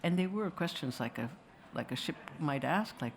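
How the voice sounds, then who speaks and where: A woman's voice: low-pitched, expressive, normal speed, a little hiss or hum. Wry digressive woman telling a story. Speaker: filmmaker answering questions. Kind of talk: storytelling talk to an audience. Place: festival venue with audience.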